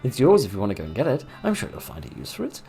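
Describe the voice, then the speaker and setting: A man's voice: medium pitch, huge pitch swings, very fast, creaky, mellow, faint music behind. A man voicing a friendly, folksy old-west cowboy with a drawling twang.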